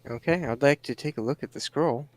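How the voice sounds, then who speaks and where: A man's voice: medium pitch, a little fast, slight background noise. A man playing in a tabletop game, asking polite, curious questions. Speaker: player. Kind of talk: casual tabletop role-play.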